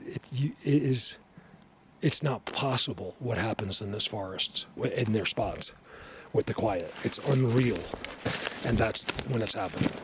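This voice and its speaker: A man vlogging casually while walking through a snowy forest, rambling and excitable, often laughing and dropping to a hushed voice. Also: on the low side, moderate pace, background noise. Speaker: vlogger, Bigfoot researcher. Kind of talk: casual hiking vlog.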